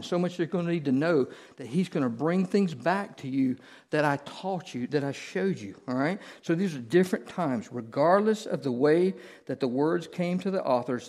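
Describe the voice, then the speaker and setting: Preacher guy teaching bible study, kinda high voice, keeps repeating stuff and quizzing folks. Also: a little mellow. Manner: conversational, asks the room questions, emphatic repetition. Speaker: pastor. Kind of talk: sermon-style Bible class.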